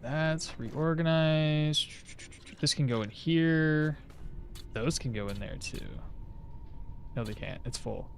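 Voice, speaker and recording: A man's voice: on the high side, slow, pauses often, slight background noise. A man streaming a game live, chatting casually and answering his chat while he plays. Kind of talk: casual live gameplay commentary.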